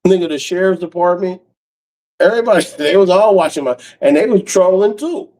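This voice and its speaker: A man's voice: high-pitched, expressive, fairly quick, a little mellow, low-quality recording. A man talking to his viewers in a loose, profane, rambling late-night livestream chat, laughing often.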